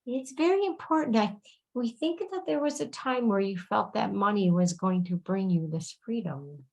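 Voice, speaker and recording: A woman channeling on a video call, speaking slowly and soothingly as a collective "we", sometimes dropping to a hushed whisper. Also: medium pitch, animated, poor audio. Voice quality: creaky, husky, drifting into soft whispers. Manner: slow, soothing, speaks as a collective "we", often murmurs "dear one". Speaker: channel giving intuitive readings.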